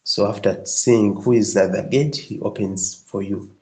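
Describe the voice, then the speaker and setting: A man's voice: fairly low pitch, fairly even intonation, a little slow, dark tone, poor audio. A male instructor explaining a building design tutorial, often checking with the listener and restarting phrases. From Kenya.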